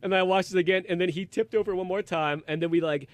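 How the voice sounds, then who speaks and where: A man with a high voice hosts a podcast, rambling through a long casual story packed with fillers and restarts. He talks quickly with fairly even intonation, and the recording is dry.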